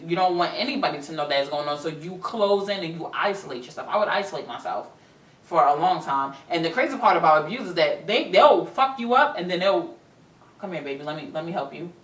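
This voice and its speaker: A young woman on a talk show, blunt and outspoken, swearing freely as she talks. Her voice sits a little low and sounds roomy, picked up from some distance away from the mic. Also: animated, fairly quick, fairly bright tone, slight background noise. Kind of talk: candid casual chat. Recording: roomy echo, mic far off.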